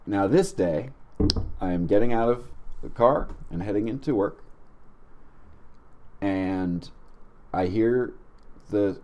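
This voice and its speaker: A man co-hosting a comedy podcast, telling a long story in an animated, deadpan way. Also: lowish voice, slow, long pauses, muffled recording, slight background noise. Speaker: podcast co-host.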